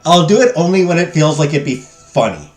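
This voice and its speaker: A man's voice: on the high side, sing-song, brisk, a little mellow. A man streaming a text game, reading its narration aloud and cracking jokes with his chat. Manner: jokey, self-deprecating asides between narration. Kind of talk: let's play, reading game text and chatting with viewers. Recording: roomy echo, faint game music.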